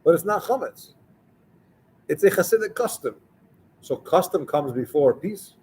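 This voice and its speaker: A man in a rabbi's storytelling sermon, talking in an easy, conversational way at a middle pitch. He slips into the voices of the people in his tale as he goes. A faint hiss of noise sits underneath. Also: darkish tone, low-quality recording.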